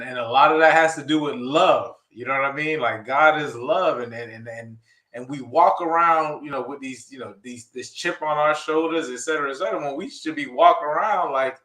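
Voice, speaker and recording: A man's voice: a little high, sharp tone. A man co-hosting a casual chat, talking earnestly in a folksy way and often repeating his words. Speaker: co-host. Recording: echoey room.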